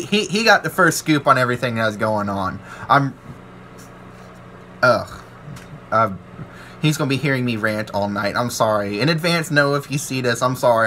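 A man's voice: mid-range voice, sharp tone, slight background noise. A man, a welder ranting to his channel about trolls, rambling and aggrieved and acting out what other people said. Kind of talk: ranting to camera.

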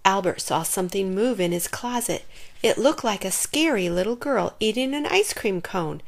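A woman reading a children's picture book aloud in an expressive storytelling manner. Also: medium pitch. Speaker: storybook reader.

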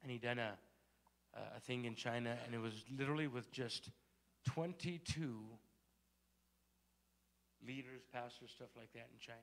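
A man's voice: mid-range voice, fairly bright tone. A male pastor telling a story in a sermon and building to fervent exhortation. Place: church sanctuary.

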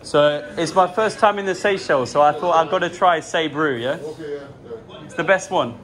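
Joking around for his travel vlog, a man with a slightly high voice talks to the camera at normal speed as he moves along a beach and street. A crowd is audible behind him, along with outdoor noise on the camera mic.

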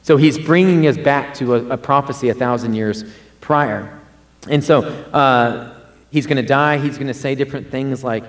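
A man's voice: mid-range voice, moderate pace. A man preaching a sermon in a conversational way, often repeating and restarting words and rising for emphasis.

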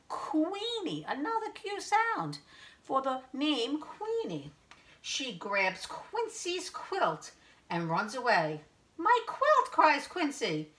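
A woman's voice: mid-range voice, a bit bright. Sing-song woman teaching preschoolers. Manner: slow, sing-song teacher talk with questions to the kids. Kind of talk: reading a picture book aloud to young children.

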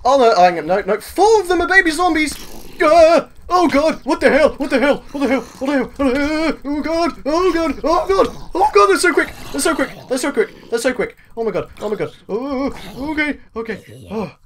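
A man with a British accent giving excitable let's-play commentary as a gaming video host, talking to himself, repeating phrases over and over and swearing mildly. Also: very high-pitched, moderate pace, slight background noise. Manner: mild swearing, talks to himself.

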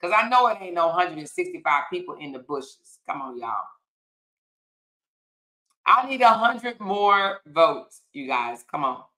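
Brief: woman livestream host, bright voice, laughs a lot, folksy y'all and honey. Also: lowish voice, sing-song, a little slow. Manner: laughs often, drawls y'all, child and honey. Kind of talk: casual live-stream chat reading comments.

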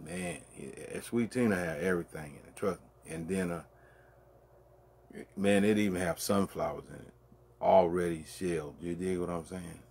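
A show host with a deep, husky, grainy voice and a slightly mellow air rambles through a casual story, loose and conversational, tossing in "man" and "you dig." He keeps checking in with the listener, circles back on his own words, and lets his drawn-out delivery trail off amid many restarts.

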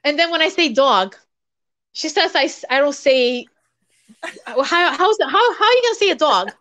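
A woman hosting a live craft stream, relaxed and easygoing, giving tips in casual chat. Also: high voice, normal speed, no room sound. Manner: relaxed, easygoing, repeats herself.

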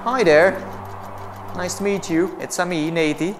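A man's voice: sits high, slow pace, over music. A man giving let's-play commentary on a game. He is jumpy and jokey, exclaiming and laughing as he plays. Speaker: VR gameplay commentator.

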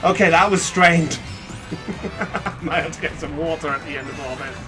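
A male game streamer giving excitable live commentary, laughing often and chatting with viewers. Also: fairly high pitch, moderate pace, music in the background.

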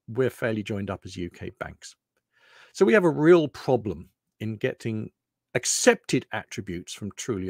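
A man's voice: mid-range voice, dry recording, clean studio sound. A middle-aged British man from the UK giving a rambling, anecdotal lunchtime talk. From United Kingdom. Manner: rambling, anecdotal, loose restarts. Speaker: presenter.

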